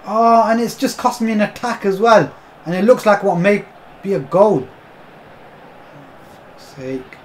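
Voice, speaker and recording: A young man commentating his own football video game match, swearing often and bursting into shouts at the game. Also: sits high, unhurried, long pauses, slight background noise. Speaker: gaming YouTuber. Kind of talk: live gameplay commentary.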